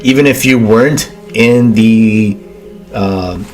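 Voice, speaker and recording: A man's voice: fairly low pitch, slow, soft background music. A young man hosting a casual movie watchalong stream, stammering and repeating his words and saying "dude" a lot. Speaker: livestream host.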